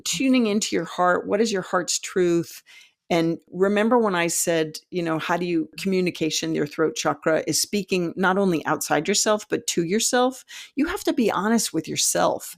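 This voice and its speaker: Low, gravelly woman teaching spirit. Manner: earnest and encouraging, with frequent laughs and self-talk quotes. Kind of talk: direct-to-camera teaching talk.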